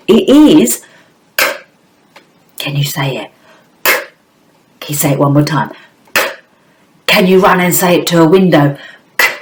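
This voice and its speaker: A woman's voice: deep voice, expressive, unhurried, pauses often, background noise. A woman teacher giving a phonics lesson to young children, in an exaggerated, coaxing sing-song. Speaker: primary school teacher.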